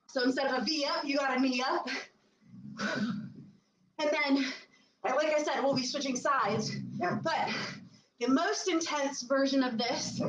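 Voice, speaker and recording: A woman's voice: high-pitched, a bit bright, echoey room, distant mic, slight background noise, poor audio. A woman fitness coach giving workout instructions while exercising, out of breath and puffing between sets.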